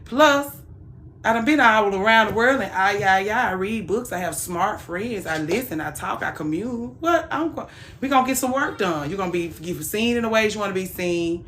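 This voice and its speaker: Frank, animated woman chatting on stream. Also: fairly low pitch, a little hiss or hum. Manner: frank, animated, swings from soft to loud. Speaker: livestream host. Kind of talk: casual livestream chat.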